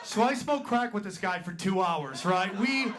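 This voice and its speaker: Captured live in a club with crowd laughter and noise, a male stand-up comedian spins a crude, rambling tale peppered with "right?" His voice sits high with lively intonation and moves at a normal speed, while the audience laughs and claps behind him.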